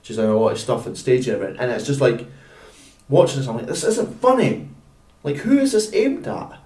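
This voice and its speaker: A man co-hosting a casual podcast, talking in an animated, incredulous way with a lot of swearing. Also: medium pitch, a little fast, far from the mic. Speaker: podcast co-host. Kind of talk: casual film review chat. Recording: echoey room, away from mic.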